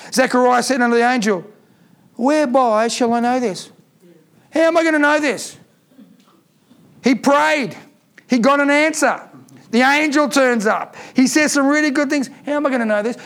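A man's voice: very high-pitched, a bit bright. A man preaching a sermon, emphatic and repeating key lines for effect.

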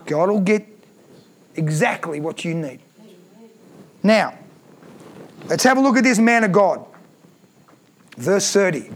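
A man's voice: high voice, animated, slow pace, long pauses. A man preaching a sermon, reading scripture aloud and breaking off to comment with emphatic repeated phrases and rhetorical questions.

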